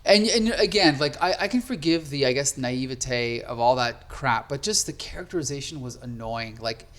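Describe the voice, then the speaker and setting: A man co-hosting a podcast, talking in a casual, animated and emphatic way. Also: medium pitch, normal speed. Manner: animated, emphatic, rants with frequent "like". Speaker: podcast co-host. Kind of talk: casual chat.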